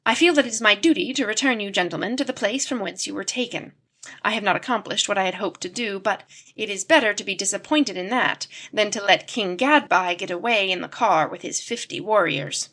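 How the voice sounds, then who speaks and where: A woman reading the part of an elderly male professor who speaks wearily, calmly and gravely. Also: mid-range voice, fairly quick. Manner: weary, calm, grave.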